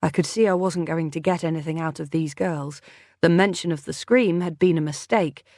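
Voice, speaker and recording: A woman narrating a first-person mystery audiobook in an even, measured way. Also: low voice, no echo, clean studio sound.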